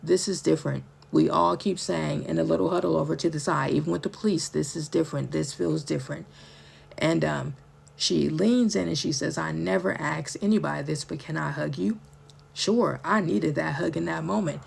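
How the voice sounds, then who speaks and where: Gravelly, husky woman giving testimony. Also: low-pitched, normal speed, a little mellow. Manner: emotional, emphatic, uses endearments like "baby" and "girl". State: tearful at times. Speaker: mother telling her testimony. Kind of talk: personal testimony talk.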